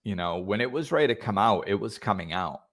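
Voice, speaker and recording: A man hosting a podcast, talking in a thoughtful, hesitant way with many pauses and restarts. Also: fairly low pitch, lively intonation. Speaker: podcast host. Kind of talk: reflective conversational talk.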